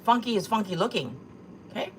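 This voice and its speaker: A woman's voice: fairly high pitch, fairly quick, a little hiss or hum. A woman hosting a casual livestream, reading chat comments aloud and mocking them with plenty of swearing. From Korea. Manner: sassy, mocking, swears a lot. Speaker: livestream host.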